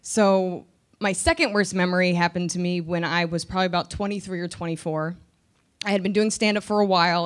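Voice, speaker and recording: A woman comedian in her thirties from New Jersey, telling a personal story candidly and with self-deprecating humor. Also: lowish voice. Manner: candid, self-deprecating, animated when recounting.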